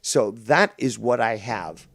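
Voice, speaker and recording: A Canadian man chatting as a guest on a podcast, rambling and casual, full of fillers, restarts and offhand swearing. His voice sits at an ordinary middle pitch, recorded close and dry with no room sound. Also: animated, takes it slowly, dry recording.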